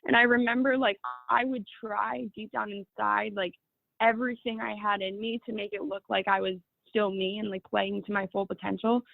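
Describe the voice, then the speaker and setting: A woman's voice: medium pitch, little pitch movement, normal speed, gravelly, no room sound. A young woman in her twenties talks through her story in an easygoing, chatty way, dropping "like" into nearly every phrase. Her voice comes over a thin, telephone-like line with no room sound at all. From Los Angeles, California. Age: 20s. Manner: chatty, fills speech with "like". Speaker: guest. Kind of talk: casual personal storytelling. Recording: tinny, dry phone-like line.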